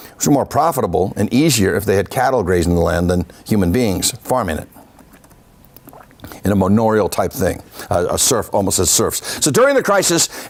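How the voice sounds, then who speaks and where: A man giving a history lecture at a senior center, adding pointed asides to his audience. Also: on the high side. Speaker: local historian giving a talk. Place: senior center meeting room.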